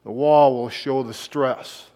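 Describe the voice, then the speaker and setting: A man preaching a sermon, moving from quiet reflective lines to loud emphatic outbursts, laughing now and then. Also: mid-range voice, fairly even intonation, slow, big-room sound. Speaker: pastor.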